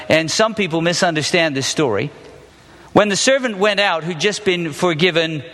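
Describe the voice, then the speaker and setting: A man's voice: on the high side, bright, forceful tone, big-room sound. A man teaching a Bible passage, reading it aloud and then questioning his listeners with small laughs.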